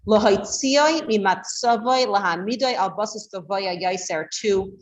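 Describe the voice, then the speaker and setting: Woman teacher, class lecture, chatty with fillers, mid-pitched voice, roomy echo. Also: moderate pace. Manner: explains with frequent fillers, acts out tones of voice.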